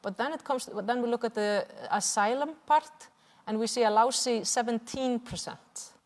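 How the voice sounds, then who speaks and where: A woman's voice: a little high, normal speed. A woman with an Icelandic accent giving an impassioned seminar presentation over slides, earnest and often hesitating. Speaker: seminar speaker, activist. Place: large hall at a cultural venue. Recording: long reverb of a hall.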